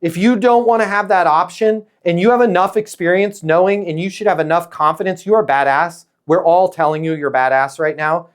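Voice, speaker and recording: A man coaching a salesperson with emphatic, energetic talk, acting out little dialogues as he goes. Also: sits high, brisk, few pauses. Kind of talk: coaching a caller in a sales session.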